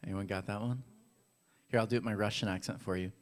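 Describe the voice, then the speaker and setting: This pastor's voice is on the low side, fairly even in intonation, and he talks quickly. In a church hall, he delivers a relaxed, playful sermon with games for the audience, speaking straight to the people in the pews in a chatty way.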